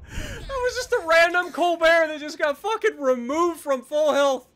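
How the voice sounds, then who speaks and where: A man streaming live gameplay commentary, swearing a lot and breaking into excitable laughter. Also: extremely high pitch, normal speed, hardly any pauses, soft background music.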